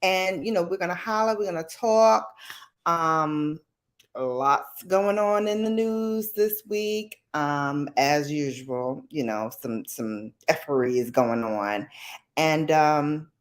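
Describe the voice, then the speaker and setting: A woman's voice: low voice, lively intonation, slow. A woman hosting a casual livestream from home, greeting viewers and chatting about her week. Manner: chatty, greets viewers, chants along to music. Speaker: livestream host. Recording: music in the background. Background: music playing.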